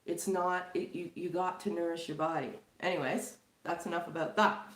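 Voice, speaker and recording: On the low side with fairly even intonation, this Canadian woman in middle age speaks at a normal speed. As a tarot reader addressing viewers, she keeps the spiritual chat casual, full of fillers and frequent laughter, recorded in an echoey room.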